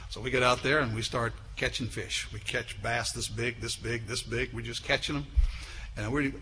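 A man preaching a sermon, building emphatically to forceful peaks and then dropping low. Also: steady tone, moderate pace. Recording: echoey hall with faint noise.

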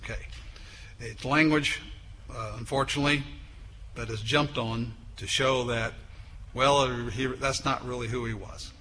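A man preaching a sermon, building emphatically to forceful peaks and then dropping low. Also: fairly even intonation, unhurried, long pauses. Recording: echoey hall with faint noise.

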